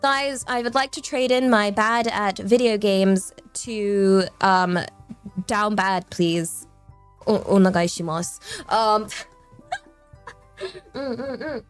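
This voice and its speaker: A woman's voice: mid-range voice, takes it slowly, pauses often, clear, resonant tone, soft background music. A young woman streamer chatting casually, rambling and giggling often. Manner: rambling, giggly, self-deprecating.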